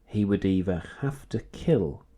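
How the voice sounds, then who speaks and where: A man co-hosting a podcast, chatting in an animated, agreeable way with stammering restarts. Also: low-pitched, a little slow, husky. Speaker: podcast co-host. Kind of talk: casual chat.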